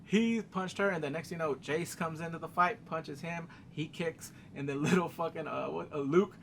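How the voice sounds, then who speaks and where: A man's voice: fairly high pitch, normal speed, vocal fry, a little hiss or hum. A man giving a casual, profane recap of an episode, laughing and acting out the scenes with sound effects. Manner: excitable, profane, laughs while retelling. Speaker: TV show reviewer.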